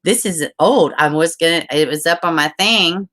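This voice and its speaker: A woman's voice: deep voice, normal speed, fairly bright tone. A woman streamer rambling casually to her viewers, swearing often and trailing off mid-thought. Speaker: live streamer.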